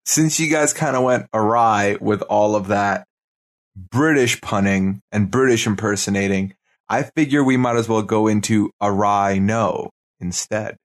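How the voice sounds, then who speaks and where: Relaxed co-host, medium pitch, chatty and chuckling. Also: unhurried. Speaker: podcast co-host. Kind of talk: casual chat.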